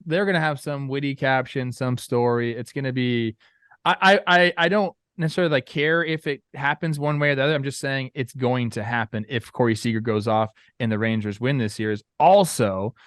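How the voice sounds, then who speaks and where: A man co-hosting a baseball talk show, opinionated and animated in casual chat. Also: medium pitch, no room sound, clean studio sound.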